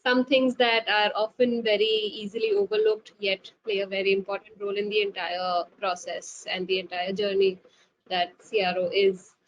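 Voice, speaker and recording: A woman's voice: mid-range voice, fairly even intonation, normal speed. A woman hosting a webinar, reading out audience questions politely with many fillers and repeated words. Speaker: webinar host. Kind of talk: moderating webinar Q&A. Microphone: video call. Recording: lo-fi web call with faint hiss.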